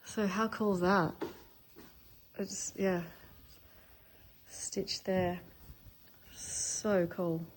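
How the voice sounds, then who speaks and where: A middle-aged woman chatting casually in a vlog, gushing excitedly over her finds. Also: mid-range voice, drawn-out words, long pauses, a little hiss or hum, low-quality recording. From Australia. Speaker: vlogger. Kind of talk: casual chat.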